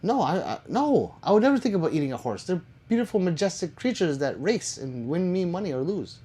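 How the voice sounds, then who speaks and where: A man hosting a casual live stream, reading out his viewers' comments and riffing on them with loose jokes and the odd curse. His voice sits a little high for a man. It swings widely up and down as he reacts. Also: sing-song, fairly quick, dark tone, breathy edge. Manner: reads viewer comments aloud, joking and swearing.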